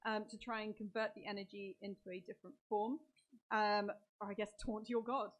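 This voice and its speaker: A woman's voice: mid-range voice, little pitch movement, highs cut off. Woman running a tabletop game. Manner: measured, describes scenes with many ums. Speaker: dungeon master.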